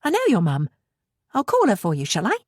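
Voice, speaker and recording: A woman voicing a helpful, chatty jogger in an audiobook, brisk and friendly. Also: medium pitch, huge pitch swings, darkish tone, no echo, clean studio sound, pitched above the performer's own voice.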